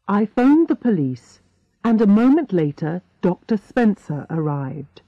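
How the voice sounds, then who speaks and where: A woman reads a story for English learners clearly and deliberately. She speaks slowly with a lively, expressive pitch. The recording is dry and a little dull. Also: no room sound. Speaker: narrator. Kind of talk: scripted audiobook narration for English learners.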